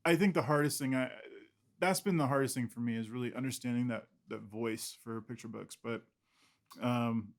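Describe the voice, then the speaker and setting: A man's voice: medium pitch, normal speed. A man, an illustrator guest in an interview, talking casually in a rambling, self-deprecating way with frequent laughs.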